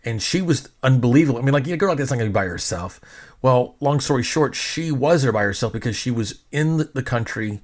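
A man's voice: medium pitch, expressive, fairly quick. A middle-aged man casually telling a personal story in a rambling, self-mocking way, swearing freely.

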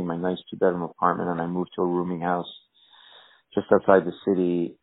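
A man with a fairly low voice tells stories in a podcast interview. He is animated and jumps into higher voices to act out the people he quotes. The sound is thin and tinny, like a phone line. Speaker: comedian guest.

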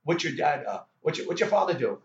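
A man imitating an abrasive older insult comic who yells at an audience member, in a roomy, dull recording. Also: on the high side, big pitch swings, fast, recorded from a distance. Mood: badgering. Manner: barking, bullying yells.

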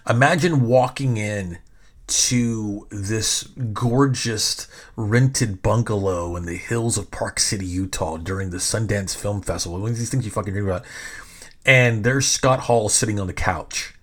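A man's voice: fairly low pitch, measured pace, a bit bright. Rambling, profane middle-aged male podcast host. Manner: rambling, profane, self-interrupting. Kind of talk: casual storytelling.

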